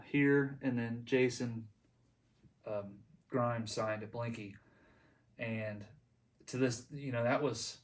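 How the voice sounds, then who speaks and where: A man's voice: medium pitch, recorded from a distance. A middle-aged man telling a story casually on his channel, rambling with many ums and restarts. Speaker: channel host.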